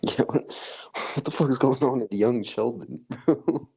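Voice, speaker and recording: A man's voice: medium pitch, measured pace, vocal fry, dark tone, breathy edge. A man co-hosting a podcast in casual chat, joking and swearing between laughs. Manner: laughing, profane, bantering. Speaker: podcast co-host.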